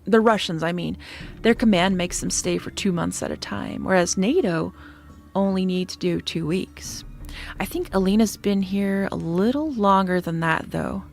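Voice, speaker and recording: A woman's voice: mid-range voice, moderate pace, gravelly, darkish tone, faint music behind, close to an everyday voice. Woman voicing a casual woman soldier. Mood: matter-of-fact. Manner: casual, matter-of-fact explaining.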